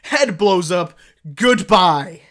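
Animated man telling a bloody scene. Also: high voice, drawn-out words. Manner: animated, swearing, rising to shouts. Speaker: performer. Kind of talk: performing a film monologue.

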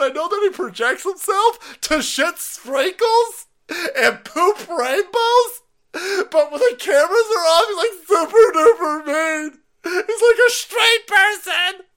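A man voicing a panicking young woman staffer who wails in a shrill, mock-crying voice. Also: bright, forceful tone, heavily acted.

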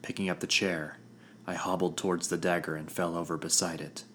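A man narrating a fantasy story in the first person, with a measured, grave storytelling manner. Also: sits low, little pitch movement, fairly bright tone, slight background noise. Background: background music.

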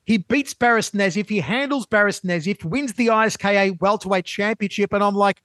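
Sports co-host, man, high-pitched voice, dry close sound, lively storyteller. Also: dry recording. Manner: animated storyteller, fast bursts. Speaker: show co-host and interviewer. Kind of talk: casual sports show chat.

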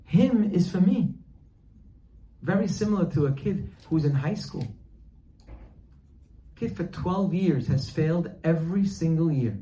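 A man's voice: a little high, normal speed, warm tone. Man, sermon, dramatic storytelling, echoey room, faint background hum. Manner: dramatic, acts out dialogue in a parable. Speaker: religious teacher.

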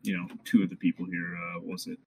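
A man co-hosting a casual podcast, lively and quick to laugh. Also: sits low, creaky, a little hiss or hum. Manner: laughs easily, lively, jokey. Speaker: podcast co-host. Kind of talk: casual chat.

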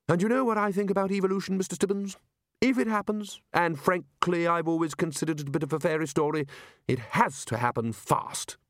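A man's voice: a little high, no room sound, clean studio sound, voice pushed up, close to an everyday voice. A man voicing a blustering, bossy male wizard chief who fires off hectoring questions.

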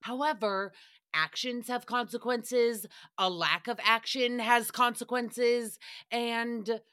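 A woman's voice: fairly high pitch, steady tone, slow pace, sharp tone, smooth, dry recording, studio quality. A woman hosting a casual recap podcast, sassy and blunt, with sarcastic jokes and frequent swearing. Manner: sarcastic jokey asides. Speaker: podcast host.

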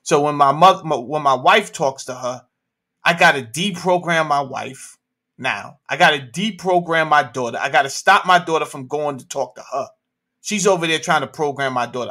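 Forceful, fired-up New man. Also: a little high, normal speed. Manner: emphatic, slangy, rhetorical questions. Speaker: livestream host. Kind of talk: animated opinion talk.

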